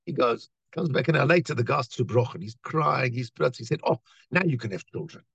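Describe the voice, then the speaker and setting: Animated rabbi with a gravelly husky voice. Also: male voice, medium pitch, brisk, no room sound, poor audio. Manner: animated storyteller, acts out voices, many restarts. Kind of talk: Torah talk to a congregation.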